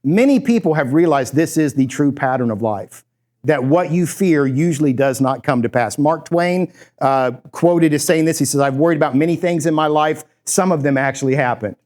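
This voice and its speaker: A man's voice: a little high, moderate pace, darkish tone. A male pastor preaching a sermon in a conversational way, acting out quoted voices as he tells a story.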